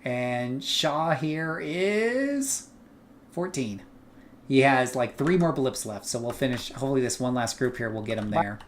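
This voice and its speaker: A man's voice: medium pitch, animated, unhurried, slight background noise. A man hosting his own gaming livestream, joking easily and thinking aloud while he plays. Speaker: streamer host. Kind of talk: casual gaming livestream commentary.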